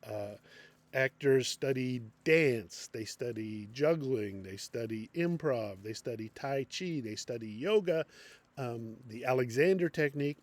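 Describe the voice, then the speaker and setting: A man's voice: medium pitch, a little mellow. A middle-aged man giving an unscripted acting lecture as a teacher, with many fillers and restarts. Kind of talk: classroom lecture.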